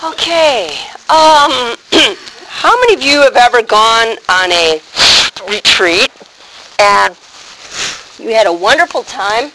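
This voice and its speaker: A woman's voice: a little high, lively intonation, slow, pauses often. A woman giving an informal retreat talk to a live group, chatty and conversational, acting out little scenes for her listeners. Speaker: retreat speaker. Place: meeting room with a live group. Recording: noisy room recording.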